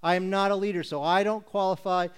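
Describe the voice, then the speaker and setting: A man's voice: high voice, fairly even intonation, fast, clean tone, lightly acted. A man as a protesting churchgoer. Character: protesting male churchgoer, defensive.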